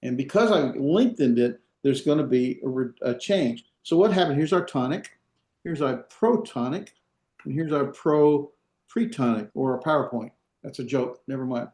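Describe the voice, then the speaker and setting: A man teaching a classroom lesson, halting with fillers and restarts, with dry asides. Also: mid-range voice, a little mellow. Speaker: Hebrew teacher. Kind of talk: classroom lecture. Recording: echoey classroom.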